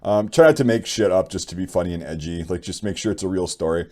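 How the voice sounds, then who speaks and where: A man's voice: sits low, fast talker, a little mellow. A young man hosting his channel, bluntly giving opinions and reading viewer stories in a rambling, casual way. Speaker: channel host.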